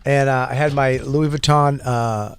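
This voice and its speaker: A man telling a wild story as a comedy podcast guest, animated, acting out shouted quotes and laughing often. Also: mid-range voice, a little slow, clear, resonant tone. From Boston.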